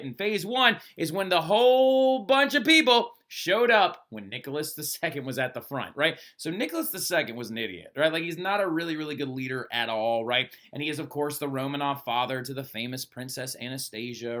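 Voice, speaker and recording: A man gives a recorded classroom lecture. His voice is bright and sits a bit high, and his pitch swings widely as he talks. He keeps it conversational and checks in with "right?" after almost every sentence. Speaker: history teacher.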